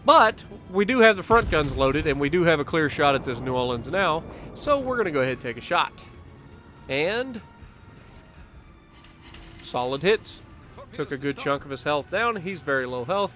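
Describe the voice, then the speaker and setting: A man giving casual commentary over his own gameplay footage, upbeat and quick to chuckle. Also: on the high side, big pitch swings, bright, forceful tone, soft background music. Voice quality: chuckles often, upbeat and talkative. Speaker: gaming commentator.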